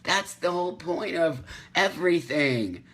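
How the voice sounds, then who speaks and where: A man's voice: fairly high pitch, animated, a little slow, fairly bright tone. Man ranting emphatically on a livestream. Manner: emphatic, ranting, repeats phrases for stress. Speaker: host of a live morning show. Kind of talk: casual livestream chat reading viewer comments.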